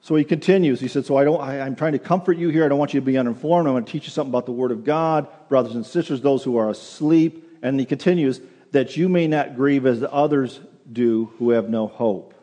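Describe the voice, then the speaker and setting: A man's voice: mid-range voice, fast, dark tone. A male pastor preaching a sermon in earnest, often repeating words as he restarts a phrase, in a church sanctuary. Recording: long hall reverb.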